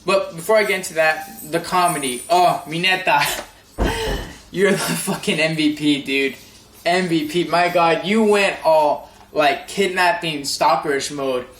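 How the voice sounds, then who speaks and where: A young man casually reviewing a manga chapter, excited and rambling, laughing often and stumbling over fillers and restarts. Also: a little high, a little slow, reverberant, a little hiss or hum.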